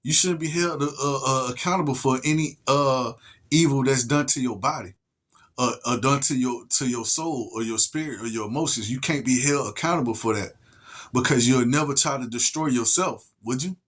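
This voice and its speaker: A man's voice: medium pitch, fairly bright tone. A man delivering a heated, profane monologue rant to the camera as a vlogger, repeating and restarting his words and stretching out wordplay. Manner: drawn-out wordplay, slows down.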